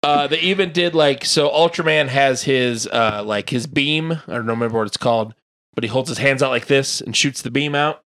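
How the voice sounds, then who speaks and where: A man's voice: medium pitch, normal speed, a bit bright. A man from the United States chatting casually on a podcast, rambling with lots of fillers and laughs. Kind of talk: casual chat.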